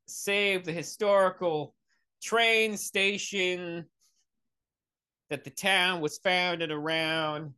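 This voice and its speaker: A man's voice: high voice, bright, forceful tone, smooth. A man hosting a podcast, reviewing a movie in an exasperated, rambling, sarcastic way and swearing often. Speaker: podcast host. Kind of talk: comedic movie review rant.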